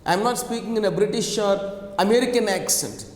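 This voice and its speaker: A man with an Indian accent teaching English pronunciation, repeating each sound and checking in with his students with many fillers. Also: high voice. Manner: repetitive, drills sounds slowly, frequent fillers and check questions. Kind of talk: online lesson. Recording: echoey room, long reverb.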